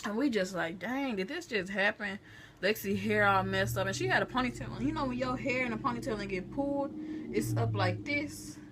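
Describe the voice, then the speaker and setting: Bright-voiced woman telling a story. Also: mid-range voice, slight background noise. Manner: chatty, lively retelling with acted-out quotes. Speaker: vlogger. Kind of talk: casual storytelling to camera. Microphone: phone camera.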